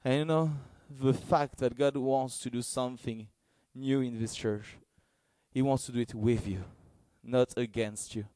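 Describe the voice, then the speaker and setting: Male preacher, earnest and halting, dry close sound. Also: mid-range voice, dry recording. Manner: halting, searching for words, earnest; gets excited and loud in bursts. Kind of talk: sermon.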